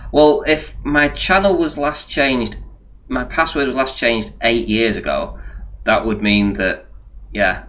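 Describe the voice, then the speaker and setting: A man's voice: mid-range voice, takes it slowly, fairly bright tone. A man hosting a live online debate show, teasing and sarcastic with his caller and chuckling often. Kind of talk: casual live-stream debate chat.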